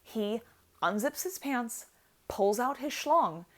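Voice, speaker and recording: A woman from the United States in her thirties tells a story to her vlog audience. She is chatty and animated and leans on "like" as a filler. Her voice drops low and quiet in one stretch and turns loud and excited in the next. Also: slow. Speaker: vlogger, channel host.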